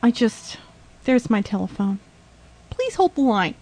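A woman's voice: fairly high pitch, sing-song, measured pace, darkish tone, dry recording. A woman hosting a podcast, ranting indignantly with swearing, rambling asides, laughs and sighs. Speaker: podcast host. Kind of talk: ranting monologue.

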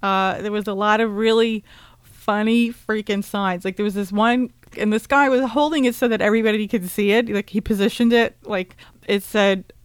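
A woman casually recapping a rally in a chatty, animated way, full of "like" and "um" fillers, blunt and sometimes profane. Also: mid-range voice, normal speed, clean tone, no room sound. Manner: blunt and profane, with bursts of laughter. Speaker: vlogger recounting a protest rally.

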